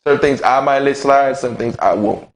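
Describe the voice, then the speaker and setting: A man in a casual live-stream conversation, relaxed and talkative, who often restarts and repeats his words. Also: mid-range voice, moderate pace.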